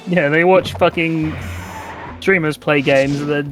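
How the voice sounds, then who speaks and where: A man's voice: on the high side, fairly even intonation, measured pace, a bit bright. A man hosting a game stream, chatting casually with friends, joking and swearing freely. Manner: crude, joking, swears a lot. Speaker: streamer host. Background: game music.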